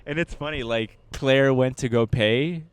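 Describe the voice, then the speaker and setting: A man's voice: medium pitch, measured pace, smooth, dry recording. A man co-hosting a podcast in casual chat, telling stories with frequent laughter. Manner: laughs often, animated storytelling. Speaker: podcast co-host.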